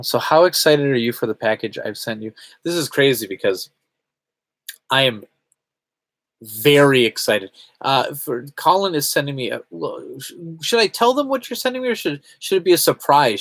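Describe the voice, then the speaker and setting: A man hosting a live game stream, talking loosely and thinking out loud as he answers chat. His voice sits at an ordinary middle pitch. It is close and dry, with no room sound around it. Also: no echo. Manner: chatty, self-reflective, rambling.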